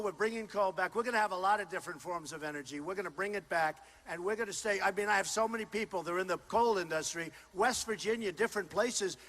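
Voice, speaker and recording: Forceful older man rallying a crowd. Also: sits high. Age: 60s. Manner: loud, repetitive, ad-libbed crowd address. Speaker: political candidate. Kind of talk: campaign rally speech. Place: large rally hall.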